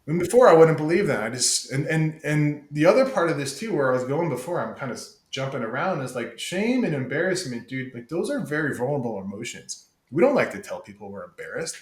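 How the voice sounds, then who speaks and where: A man's voice: fairly high pitch, very animated, a little fast, few pauses, reverberant, low-quality recording. A man talking candidly as a podcast guest, emphatic and profane, calling the host "dude" often. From United States. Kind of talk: casual candid conversation.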